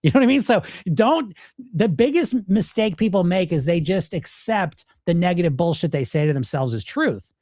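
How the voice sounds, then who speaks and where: A man's voice: high-pitched, lively intonation, moderate pace, a little mellow, dry recording, clean studio sound. A middle-aged man coaching viewers on weight loss in a casual live Q&A, blunt and emphatic, swearing freely.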